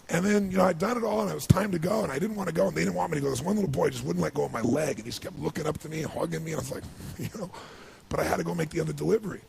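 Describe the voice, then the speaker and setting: Gravelly american guy, middle aged, motivational speaker telling a story, gets worked up and loud. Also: racing. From United States. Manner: impassioned, swelling and climbing in pitch when excited. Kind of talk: emotional storytelling speech to an audience.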